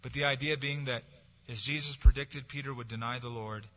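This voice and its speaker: A man preaching a sermon, swinging from forceful, dramatic lines to soft, hushed ones. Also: medium pitch, fairly even intonation, fairly quick. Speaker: pastor. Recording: dull lo-fi sound with long hall reverb.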